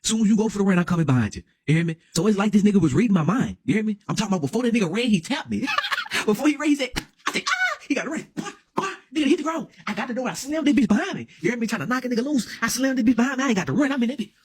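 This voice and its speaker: A young man rattles through a comic story time at speed, his pitch leaping up and down as he acts out every beat. His voice is high and a little husky, and he keeps checking in with "you hear me?". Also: very fast. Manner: excitable, dramatic, repeats "you hear me", slangy. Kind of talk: animated comedic story time.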